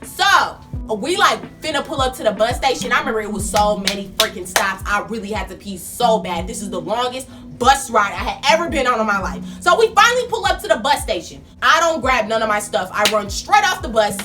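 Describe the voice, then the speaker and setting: Young woman vlogger, lively slangy storyteller, higher voice, music underneath. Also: brisk. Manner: animated, slangy, acts out her own lines. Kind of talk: casual storytime.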